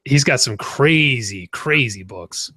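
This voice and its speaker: A man's voice: mid-range voice, lively intonation, takes it slowly, bright, forceful tone. An American man hosting a podcast, laid-back and casual, swearing and laughing along with his guest. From United States. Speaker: podcast host.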